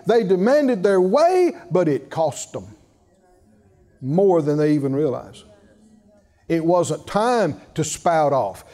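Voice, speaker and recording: A man's voice: fairly high pitch, dark tone. A man preaching a sermon, emphatic and drawing call-and-response from the congregation, with chuckling asides.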